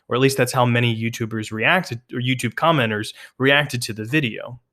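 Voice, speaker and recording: A man teaches a lesson on delivering speeches. He talks in a measured, thoughtful way at an ordinary pitch and restarts a phrase now and then as he explains. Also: fairly bright tone. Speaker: rhetoric instructor.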